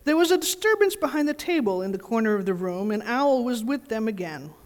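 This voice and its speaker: A woman leading a children's message in church, reading a storybook aloud in a gentle, expressive way. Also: on the high side, brisk. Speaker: pastor giving a children's message. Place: church sanctuary. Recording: reverberant church hall.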